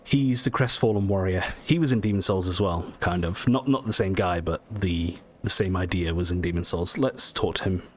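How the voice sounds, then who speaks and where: A man with a fairly low voice chats his way through a video game playthrough. He rambles, jokes at his own expense and trips over words, then corrects himself. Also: normal speed, hardly any pauses. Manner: rambling, chatty, self-deprecating, stumbling over words. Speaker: gameplay commentator. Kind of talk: casual let's-play commentary.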